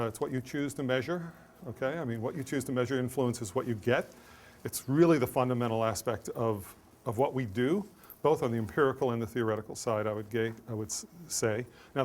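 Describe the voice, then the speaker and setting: A middle-aged man giving an academic lecture, joking and self-deprecating, with brisk asides and anecdotes. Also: on the high side.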